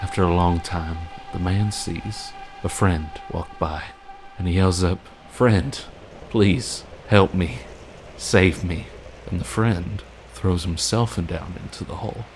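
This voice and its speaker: A man playing a steady young adventurer who calms a friend with a story. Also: sits low, moderate pace, faint music behind, rough recording. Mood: calming.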